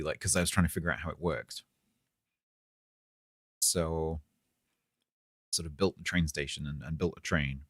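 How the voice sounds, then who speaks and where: A man casually chatting to his viewers while playing a game on a live stream, rambling in a relaxed way with chuckling asides. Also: rumbling low, slightly rough, no room sound, studio quality.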